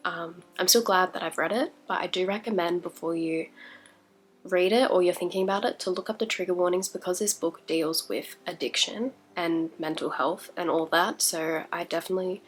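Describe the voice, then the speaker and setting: A woman's voice: fairly low pitch, normal speed. A young woman who is congested from illness chats hesitantly about books in a casual vlog, with many fillers. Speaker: indie author and book vlogger.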